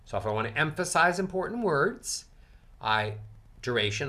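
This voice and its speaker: A male coach teaching speaking technique in a lively, bright voice. His pitch rises and falls a lot as he shows how to stress words. He talks straight to the viewer, sometimes loud and sometimes near a whisper. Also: normal speed. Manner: expressive, demonstrates emphasis with big swings in pitch and volume. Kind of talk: instructional talk to camera.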